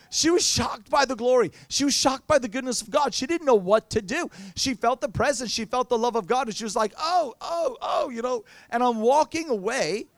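A man's voice: very high voice, lively intonation, fairly quick, hardly any pauses, no room sound. A man preaching a sermon, telling playful stories and acting out quotes. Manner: playful storytelling with acted-out quotes.

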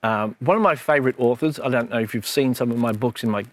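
A man's voice: medium pitch, quick pace. A middle-aged man, a minister, in an earnest and reflective Bible discussion with his daughter, telling stories as he goes.

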